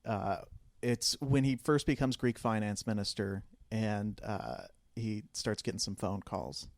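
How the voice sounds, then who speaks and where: A man's voice: lowish voice, unhurried, darkish tone, dry recording, studio quality. A man co-hosting a podcast, chatty and hesitant, often laughing. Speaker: podcast co-host. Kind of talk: casual chat.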